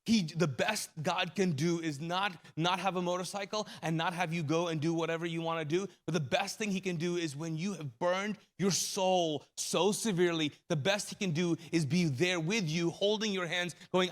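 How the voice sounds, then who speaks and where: A man's voice: high voice, moderate pace, few pauses. A man in his forties preaching a live sermon as pastor, telling a story with his voice swelling and dropping. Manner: emotional storytelling, voice rising and falling. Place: church auditorium.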